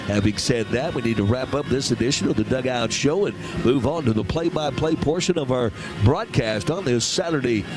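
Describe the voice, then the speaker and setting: A man hosting a sports radio broadcast, briskly reading scores, schedules and sponsor messages in a steady announcer voice. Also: mid-range voice, over music. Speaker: radio play-by-play host.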